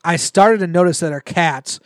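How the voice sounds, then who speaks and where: A man's voice: a little high, moderate pace, no room sound. A man on a podcast reading a scary story aloud and breaking off for joking asides. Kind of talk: casual storytelling read-aloud with banter.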